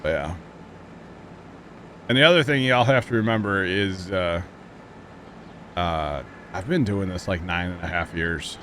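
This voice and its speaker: A man's voice: deep voice, unhurried, long pauses, bright, forceful tone, slight background noise. A man livestreaming, chatting casually and rambling easygoingly to his viewers. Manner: rambling and easygoing, talks straight to chat. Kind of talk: casual chat to a livestream audience.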